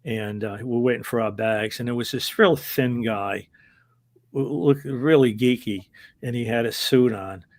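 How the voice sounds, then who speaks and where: A former wrestling referee, a man, rambling through old stories as an interview guest. He hesitates, restarts his sentences and chuckles along the way. His voice is of middling pitch. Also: measured pace. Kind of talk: casual anecdotal storytelling.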